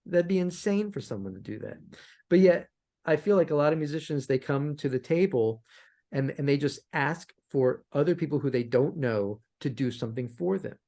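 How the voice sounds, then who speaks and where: A man guest on a podcast interview, telling stories from his music career in an animated way and often repeating words as he restarts. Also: mid-range voice. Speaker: guest, sync licensing musician. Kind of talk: conversational interview answers.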